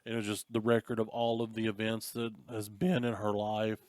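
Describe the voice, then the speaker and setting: A man with a lowish voice walks through a movie's story on a casual podcast, getting animated as he goes. The recording is dry and close, with no room sound around him. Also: a little fast, dry recording. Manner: animated retelling of a movie plot, slips into voices of characters. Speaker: podcast co-host. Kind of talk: casual chat.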